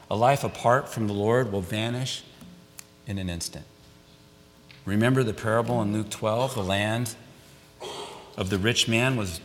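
Older male preacher in an echoey hall. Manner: emphatic, repeats key phrases, drops to quiet for weight. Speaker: pastor. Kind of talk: sermon. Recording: echoey hall with faint rumble.

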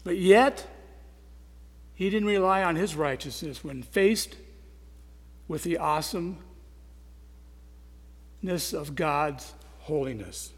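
High-voiced man preaching in echoing hall. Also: expressive, takes it slowly, long pauses. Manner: earnest, swings between loud emphasis and quiet, soft asides. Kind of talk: sermon. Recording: long reverb of a large hall.

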